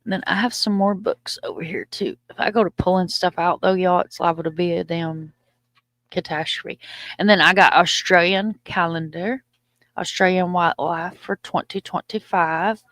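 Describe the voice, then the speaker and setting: With a steady tone at normal speed, a middle-aged woman's voice sits on the low side and is a bit bright. On a casual live stream, she reads out comments, chatty, loose and profane, tripping over her words. The recording is studio quality with no room sound.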